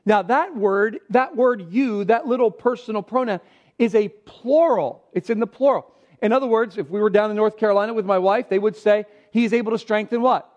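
A man preaching a sermon, reading scripture aloud and stressing key words with shifting pace and loudness. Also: high-pitched, dull audio. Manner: emphatic preaching with pauses, varied pace and loudness. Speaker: pastor.

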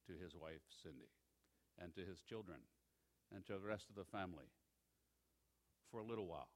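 A male pastor preaches with a lively, swooping delivery and a bright, forceful tone. He is wry and animated, rising to loud emphasis and then dropping to hushed, confiding asides. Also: fairly low pitch. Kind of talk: sermon.

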